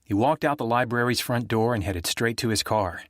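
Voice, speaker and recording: A man narrating a thriller audiobook in a steady, even storytelling manner. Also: mid-range voice, moderate pace, dry recording, studio quality.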